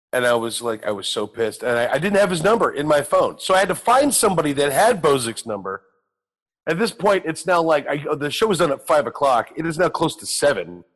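A man's voice: on the high side, fairly bright tone. A middle-aged man casually telling a self-mocking, profane story on a talk show, acting out the other people's lines. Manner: profane, self-mocking, acts out quoted voices.

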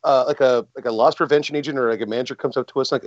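A man's voice: mid-range voice, fairly even intonation, racing, dry recording, lo-fi sound. A man telling a rambling, self-deprecating story in casual chat. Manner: rambling, self-deprecating, many fillers and restarts.

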